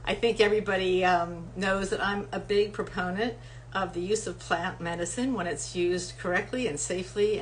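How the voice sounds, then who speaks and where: Middle-aged woman host, bubbly live-stream welcome, faint hum behind her. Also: lowish voice. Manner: bubbly, greets viewers by name. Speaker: webinar host.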